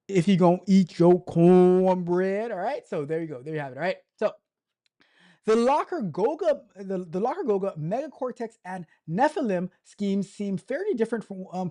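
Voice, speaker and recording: A man's voice: sits high, a little mellow. A man hosting a casual tech livestream, joking around and reading news aloud with stumbles and repeated words.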